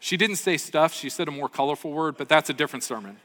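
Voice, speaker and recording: A man's voice: fairly high pitch, fast, fairly bright tone. A man preaching a sermon as pastor, earnest and storytelling, often checking in with the congregation. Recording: long reverb of a large hall.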